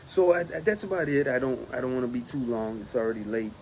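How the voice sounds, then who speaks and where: A man who is a union steward, giving a casual spoken report, animated and laughing often, mimicking others in a raised voice. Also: medium pitch, a little fast, slight background noise.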